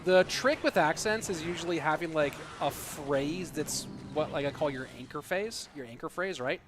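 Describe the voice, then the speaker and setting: A young American man casting an esports match live, chatting with viewers in a rambling way with lots of fillers, then breaking into loud, excited play-by-play. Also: on the high side, normal speed, noisy background. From United States. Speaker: esports caster. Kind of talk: livestream commentary and chat.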